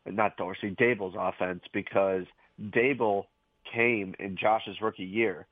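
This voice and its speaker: A man's voice: fairly low pitch, steady tone, slow pace, no echo. A man calling in as a guest to a sports talk show, rambling through his points. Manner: rambling, loose train of thought. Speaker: phone-in guest. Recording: tinny phone line.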